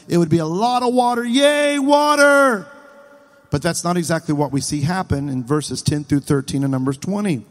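A male preacher delivers a sermon with playful, animated storytelling and asks his listeners questions. His voice sits high for a man. A long reverb rings around him in the hall.

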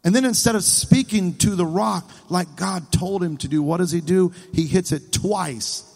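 High-voiced, playful male preacher. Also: measured pace, gravelly, breathy edge. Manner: playful, animated storytelling. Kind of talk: sermon. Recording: long hall reverb.

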